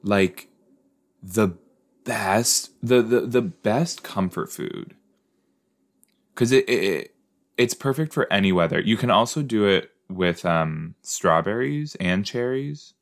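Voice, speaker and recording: A man with a low voice talks slowly but animatedly as a podcast host reacting to an episode in casual watch-along commentary. He's chatty and rambling, gets startled easily, and tosses in playful asides.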